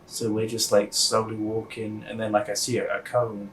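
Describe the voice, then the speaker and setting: Young guy w a lowish flat voice, rambling deadpan story full of "like"s, mic a bit far off. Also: moderate pace, a little hiss or hum. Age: young adult. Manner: rambling, many fillers, deadpan. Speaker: interviewee. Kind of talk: casual storytelling interview.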